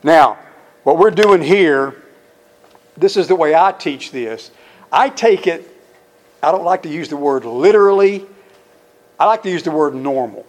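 A man's voice: fairly high pitch, animated, unhurried, long pauses. A man teaching the Bible verse by verse in an emphatic, conversational way, often putting questions to his listeners.

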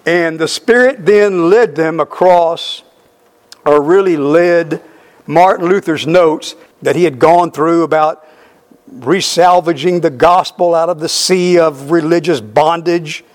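A man's voice: fairly high pitch, slow. A middle-aged man preaching a sermon, telling a story emphatically with repeated phrases.

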